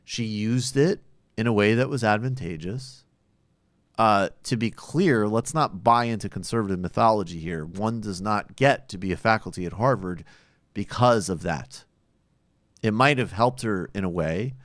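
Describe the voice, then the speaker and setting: Blunt, low-voiced male podcast host. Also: no room sound. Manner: blunt, opinionated, profane at times. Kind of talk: casual political commentary.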